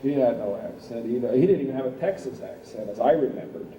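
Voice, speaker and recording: A man's voice: mid-range voice, fast, dark tone. A man from California giving a conference talk, telling anecdotes in a rambling, conversational way with lots of "uh.". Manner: rambling, conversational, with frequent "uh" and "he says". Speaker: guest speaker. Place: hotel conference room. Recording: roomy hall recorded from a distance with faint ambience.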